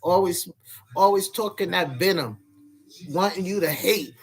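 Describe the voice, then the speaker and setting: A young man vents on his vlog, his voice high and a little husky. He swears freely and keeps hammering the same lines as he rants. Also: unhurried. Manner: profane, heated, repetitive ranting. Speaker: vlogger. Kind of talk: ranting to camera.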